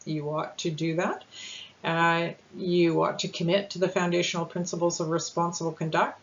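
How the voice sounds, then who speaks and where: Woman presenter, lower register, steady explanatory delivery with fillers, muffled recording with light hiss. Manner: measured, with frequent ums and uhs. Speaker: presenter at a candidate information session. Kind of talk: informational talk. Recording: dull lo-fi sound with faint hiss.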